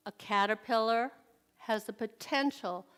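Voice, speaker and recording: Middle-aged woman, church speaker: slow, unhurried sermon delivery, talks with the congregation and asks them questions. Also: on the high side, fairly bright tone, smooth. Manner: conversational, asks the audience questions. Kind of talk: inspirational sermon.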